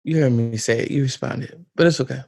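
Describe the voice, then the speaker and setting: A man co-hosting a podcast who tells stories in quick, animated bursts. His mid-range voice sits close and dry, with no room sound. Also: medium pitch, gravelly, dry recording. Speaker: podcast co-host. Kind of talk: casual chat.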